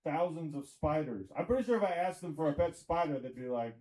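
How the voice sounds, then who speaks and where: A man's voice: a little high, lively intonation, fairly quick, a little mellow, rough recording. A man from Tennessee doing a rambling stand-up comedy set in a comedy club, with crowd work and lots of fillers.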